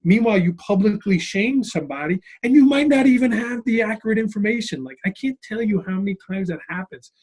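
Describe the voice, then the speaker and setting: A middle-aged man with a somewhat husky, slightly higher voice tells stories in an animated way during a conversational interview. He keeps the flow going with asides like "right?" and "like" as he talks about his experiences as a school principal. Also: fairly quick, few pauses. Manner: animated, tags lines with "right?" and "like".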